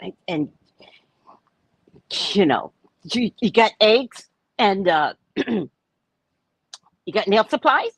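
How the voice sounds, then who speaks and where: Her voice is husky and medium-pitched, slow with long pauses, in a dry recording. This psychic reader and spiritual adviser delivers a casual, blunt, profane opinion rant to camera, animated and exclamatory, laughing often and making asides to the viewer.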